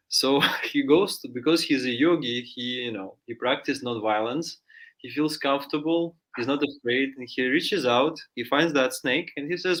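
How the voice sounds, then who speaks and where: A man's voice: medium pitch, normal speed, a bit bright. A man from Russia telling a folk story in a chatty way, full of fillers, in a studio. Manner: chatty, many fillers, acts out voices in story. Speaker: guest storyteller. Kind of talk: casual spoken storytelling.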